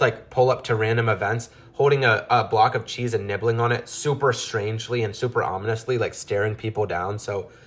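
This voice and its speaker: A man's voice: lowish voice, fairly bright tone. A man narrating a storybook tale in a loose, rambling way, with casual asides.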